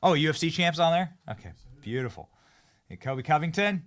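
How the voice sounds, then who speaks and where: A man hosting a live-streamed talk show from a studio, speaking in excitable casual chat and often repeating and restarting his phrases as he hypes guests. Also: on the high side, fairly quick. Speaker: political talk show host.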